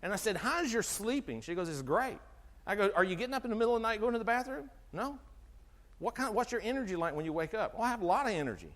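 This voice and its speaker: Lively high-voiced man lecturing in a hall. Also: quick pace. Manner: animated, asks the audience questions, acts out dialogue. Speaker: chiropractor giving a health talk. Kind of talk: sermon-like health talk to an audience. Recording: long hall reverb from a live talk.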